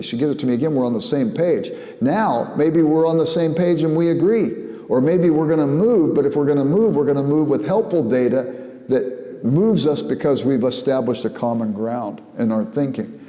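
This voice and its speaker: An older man giving an academic lecture in a measured, reflective way, with personal anecdotes. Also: mid-range voice, dark tone. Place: lecture hall. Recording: echoey hall.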